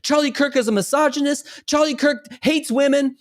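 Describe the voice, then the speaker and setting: A woman's voice: sits high, normal speed, pitched above the performer's own voice, natural voice. A man voicing a hostile young woman at a gym who snaps back defensively. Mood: snapping. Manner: snappish, dismissive.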